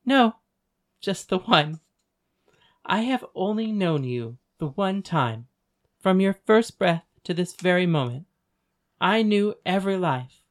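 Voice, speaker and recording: A voice actor playing a calm, ancient goddess. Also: mid-range voice, slow, pauses often. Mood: gentle. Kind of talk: audiobook dialogue reading.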